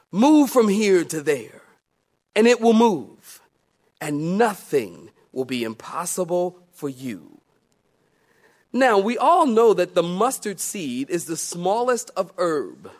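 High-voiced man preaching with big swings. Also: sing-song, slow. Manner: preaching with wide swings from soft asides to loud emphatic calls; calls out to the congregation. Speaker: pastor. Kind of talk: sermon.

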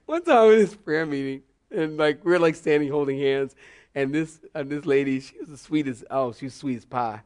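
A man preaches to his congregation with a voice pitched a little above most men. He swings between playful storytelling and slow, careful teaching, spelling out words for note-takers. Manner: animated, humorous storytelling with mock voices; teacherly, spells out acrostics slowly. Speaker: pastor. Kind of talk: sermon. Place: church.

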